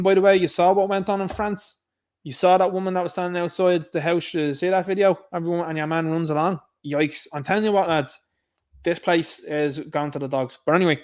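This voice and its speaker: Indignant man ranting, higher voice. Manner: indignant, repetitive, talks straight to the viewer. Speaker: online commentary host. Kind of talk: ranting political commentary.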